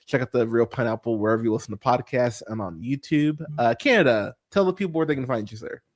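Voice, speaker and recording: A man's voice: mid-range voice, quick pace. A man hosting a movie podcast, ranting casually about a bad film, swearing often and stumbling through fillers and restarts. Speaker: podcast host. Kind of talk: casual movie review rant.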